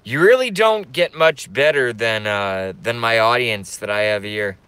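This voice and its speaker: A man's voice: medium pitch, lively intonation, measured pace, pushed and bright, smooth, no room sound. A middle-aged man live streaming, rambling brashly in a crude, stop-start way to his chat. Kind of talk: casual live-stream rant.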